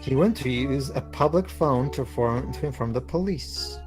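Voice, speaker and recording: A man's voice: mid-range voice, normal speed, a little mellow, soft background music. A man chatting and joking while commenting on a video game with friends. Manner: joking, teasing. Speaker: let's play commentator. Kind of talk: casual gaming chat.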